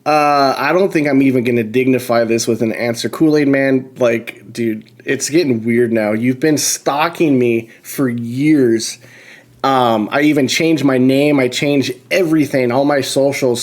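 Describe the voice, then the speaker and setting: A man hosting a podcast, reading a ghost story aloud in a casual, incredulous way, often swearing and stopping to comment and laugh. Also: medium pitch. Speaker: podcast host.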